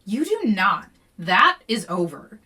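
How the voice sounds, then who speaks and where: A woman's voice: medium pitch, big pitch swings, slow pace, bright, forceful tone, slightly rough, distant mic, exaggerated voice. Woman reading as a fed-up snapping teen girl. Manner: snapping, exasperated.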